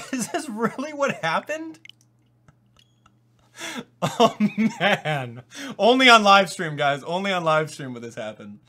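A young man giving casual live-stream commentary on a video game, swinging from low mumbles to loud disbelief. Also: sing-song, slow, pauses often. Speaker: gaming YouTuber.

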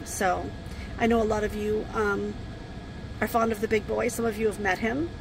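Grieving woman with a gravelly voice. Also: medium pitch, steady tone, noisy background. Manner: halting, with many pauses and fillers. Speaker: RV vlogger. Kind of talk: casual talk to camera. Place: inside an RV.

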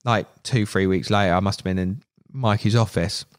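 Lively man telling stories. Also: fairly low pitch, normal speed, no echo, studio quality. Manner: animated anecdotes, swearing, acts out quoted voices. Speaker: podcast guest, media manager. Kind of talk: casual storytelling chat.

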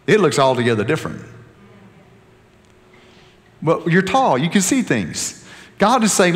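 A man preaching a sermon as pastor, animated and joking with the congregation, often restarting his sentences. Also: on the high side, a little slow, pauses often, in a large hall.

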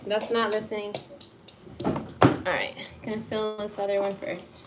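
A woman's voice: mid-range voice, monotone, brisk. A woman hosting a casual baking livestream from her home kitchen, chatting and laughing at herself as she works. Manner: chatty, laughing, self-deprecating. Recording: noisy kitchen clatter. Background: clattering dishes, pots and pans.

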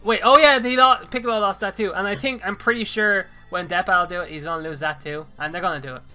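A man's voice: high-pitched, steady tone, fast, sharp tone, soft background music. A man hosting a casual podcast chat, rambling with fillers and laughing often. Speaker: podcast host.

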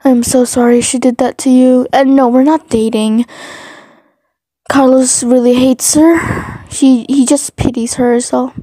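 A gentle teenage boy from a fan audio story, stammering and tripping over his words as he tries to comfort someone, as a woman puts him on. The voice sits a little high and mellow, with soft, careful delivery. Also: steady tone, unhurried, dry recording. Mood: soothing.

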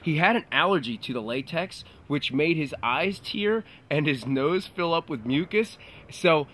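Casual male interviewee, joking storyteller, slightly raised pitch. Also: animated, a little slow, fairly bright tone. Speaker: interviewee recalling a video shoot. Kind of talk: casual behind-the-scenes chat.

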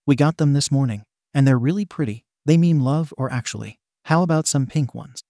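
A man's voice: medium pitch, a little fast, dark tone, no echo, studio quality, natural voice. A man reading as a flustered rambling teenage boy. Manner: stammering, nervous rambling.

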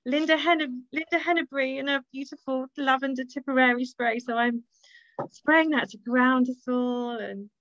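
A woman's voice: sits high, fairly even intonation, moderate pace, fairly bright tone, no echo. An Irish woman hosting her own book launch on a video call, speaking in a gushing, grateful way and laughing often. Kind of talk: emotional casual talk on a video call. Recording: dull lo-fi video call audio.

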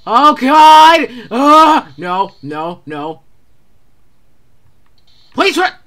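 Panicked and stammering, a gamer commentates casually on a horror game, firing off repeated words in quick bursts. The voice is high-pitched, sing-song and fairly bright.

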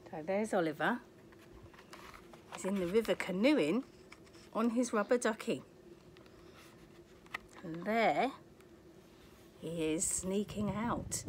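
An older woman reading a children's picture book aloud, pausing to point at pictures and ask the child questions. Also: mid-range voice, darkish tone, a little hiss or hum. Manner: asks the young listener questions, points at pictures. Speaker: storyteller.

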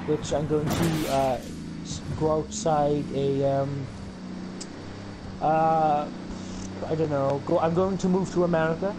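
A man playing a video game with a friend, spinning absurd jokes and acting out silly exchanges, cursing freely. His voice sits a bit high. Game noise and engine rumble run clearly underneath. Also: steady tone, moderate pace. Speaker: co-player. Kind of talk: casual gaming banter. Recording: noisy game audio behind voice.

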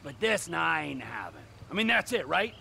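A gravelly, unhinged middle-aged criminal in a video game, his high, lively voice swinging between sneer and accusation. The tone is bright and edged, with a faint hiss of background noise under the game audio. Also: moderate pace, full character voice. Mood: accusing.

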